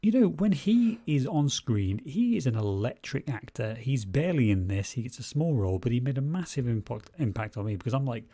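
A man co-hosting a casual film review podcast, talking in an animated, opinionated way and swearing for emphasis. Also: mid-range voice, a little fast, few pauses, husky, no echo, clean studio sound. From Scotland. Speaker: podcast co-host.

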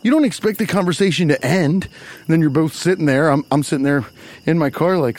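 A man's voice: a little high, lively intonation, fairly quick, a little mellow. A man telling a profane, exasperated comedy story, acting out the people he quotes. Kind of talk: stand-up storytelling.

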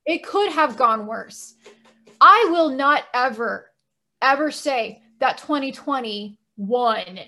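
A high-voiced woman co-hosting a casual podcast. She is blunt and emphatic, drops frequent swear words, and pushes her points hard. Her tone is bright and forceful. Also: lively intonation, slow pace. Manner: blunt, profane, emphatic ranting. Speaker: podcast co-host.

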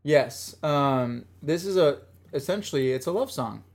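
A man's voice: on the high side, expressive, measured pace. Enthusiastic rambling male podcast host. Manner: rambling, enthusiastic, repeats himself. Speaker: podcast host reviewing albums. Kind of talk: casual podcast chat.

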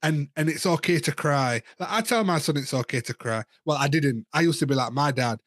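A man's voice: on the high side, fairly quick, no echo, clean studio sound. A man in his thirties or forties, a guest in casual candid chat, talking frankly and rambling, often repeating words as he thinks.

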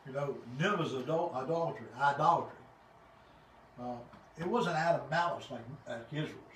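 A man joining a casual Bible discussion, speaking earnestly with a halting, restarting manner. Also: on the high side, fairly bright tone, slight background noise. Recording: roomy, distant mic with faint ambience.

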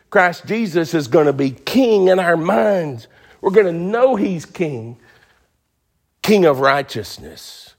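A male pastor preaching a sermon in a folksy, emphatic way, repeating phrases for stress. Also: fairly high pitch.

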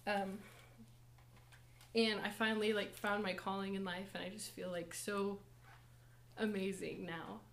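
A young adult woman with a medium-pitched, flat delivery speaks to her church college group. Her testimony and brief lesson come out softly and haltingly, dotted with fillers and nervous laughs.

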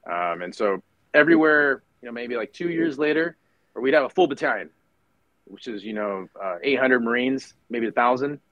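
Man, forties, lively storyteller, mid-pitched voice, dry close sound. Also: moderate pace, dry recording, lo-fi sound. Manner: animated storyteller who acts out voices in anecdotes. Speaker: guest, former Marine officer. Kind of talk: casual interview storytelling.

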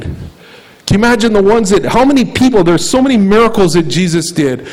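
Man preaching, fairly high voice, dramatic storytelling, questions to the congregation. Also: lively intonation, brisk, rough recording. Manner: dramatic retelling with quoted voices. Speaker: pastor. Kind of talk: sermon retelling a story.

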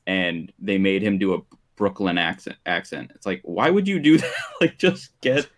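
A man's voice: low-pitched, animated, normal speed. A man in casual chat who is blunt and swears as he complains.

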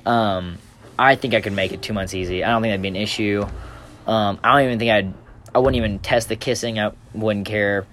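A man's voice: lowish voice, fairly even intonation, brisk, fairly bright tone. A young man hosting a podcast in casual chat, rambling with fillers and restarts. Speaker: podcast host. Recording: faint background hiss.

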